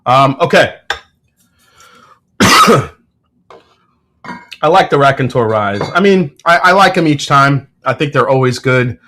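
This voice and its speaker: A man hosting a casual livestream, talking in a relaxed, rambling way and reading viewer comments aloud, with plenty of fillers and restarts. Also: mid-range voice, a little slow, long pauses, a little hiss or hum. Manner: frequent fillers and self-corrections. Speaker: whiskey reviewer and channel host.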